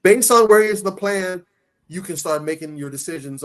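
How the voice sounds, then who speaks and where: A man's voice: sits high, fairly quick, a bit bright. A man hosting a casual podcast, giving blunt, preachy advice with rhetorical questions and emphatic repetition. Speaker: podcast host.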